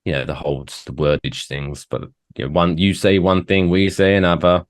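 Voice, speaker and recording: A man's voice: low voice, fairly quick, no room sound, studio quality. A man with a British accent, a guest on a podcast, chatting casually and telling grumbling stories with plenty of energy. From United Kingdom. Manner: animated, grumbling storyteller. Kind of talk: casual chat.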